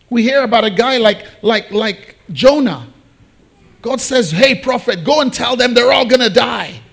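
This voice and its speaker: Animated preacher acting out Bible scenes. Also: male voice, very high-pitched. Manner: animated, acts out biblical figures in quick asides. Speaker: pastor. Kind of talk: sermon.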